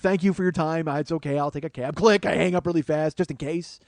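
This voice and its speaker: A man telling a long comic story on his show, swearing often, starting in low murmurs and building to excited, rising outbursts. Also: fast, hardly any pauses, no room sound. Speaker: comedian and podcast host. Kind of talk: storytelling monologue.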